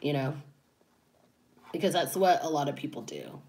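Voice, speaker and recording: A woman's voice: sits low, sing-song, moderate pace, a little mellow. A woman giving casual, chatty commentary as a YouTuber, laughing often between her points.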